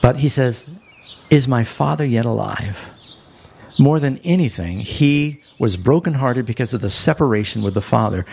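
A man preaching a sermon, telling a story with lively swings, climbing high when excited and slowing down to stress key lines. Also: gravelly, a little hiss or hum.

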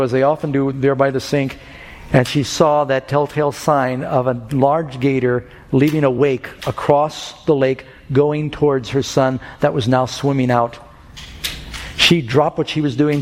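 A man's voice: mid-range voice, darkish tone, slight background noise. A man preaching an evangelistic sermon, earnest and telling stories that build to fervent peaks. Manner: earnest, rising to fervent climaxes in storytelling. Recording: music and long hall reverb.

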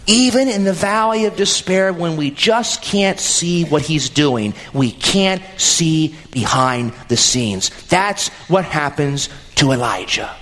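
Animated, high-voiced male preacher. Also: rough recording. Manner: expressive, rising and dropping for emphasis, addresses congregation. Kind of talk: sermon.

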